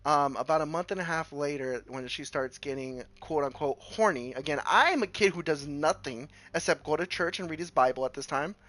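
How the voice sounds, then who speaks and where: A man streamer telling a story casually, animated and laughing, with lots of restarts. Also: on the high side, brisk, hardly any pauses, no echo.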